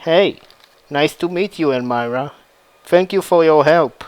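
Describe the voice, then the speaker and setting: A man's voice: on the high side, unhurried, a little mellow, clean tone, no echo, lightly acted, poor audio. A man voicing a grieving, fierce young woman fighter, read aloud in a plain fan story narration. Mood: subdued.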